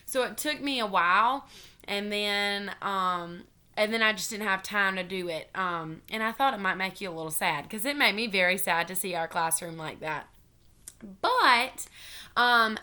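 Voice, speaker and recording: A woman teacher reads a children's chapter book aloud to her class in a friendly, lively way. Her voice is very bright and clear, at an ordinary pitch for a woman, with some hesitant ums between sentences. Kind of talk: reading a storybook aloud to students.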